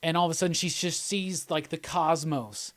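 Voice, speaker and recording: A man's voice: a little high, normal speed, fairly bright tone, no room sound. A man hosting a live stream, chatting casually in a loose, rambling, jokey way and reading out viewer comments.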